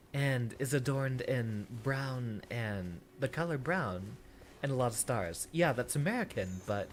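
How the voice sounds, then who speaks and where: A man from Texas streaming a video game in a put-on teacher persona voice, thinking aloud in relaxed, chatty commentary. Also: mid-range voice, slight background noise. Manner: performs a put-on teacher persona voice rather than his real one. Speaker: VTuber streamer. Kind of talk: casual gameplay commentary. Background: game music.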